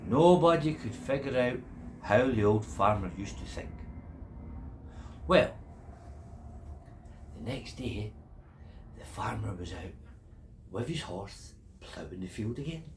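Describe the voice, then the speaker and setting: A man's voice: lowish voice, takes it slowly, pauses often, a little hiss or hum. An older man telling a folk tale as a grandfather-style storyteller, repeating words for effect. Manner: animated, repetitive storytelling.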